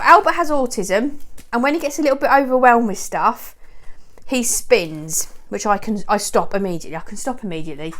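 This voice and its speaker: In a casual how-to vlog, a woman demonstrates how she trains her dogs, rambling and cheering them on often. Her voice is a little high, animated, fairly quick, and fairly bright.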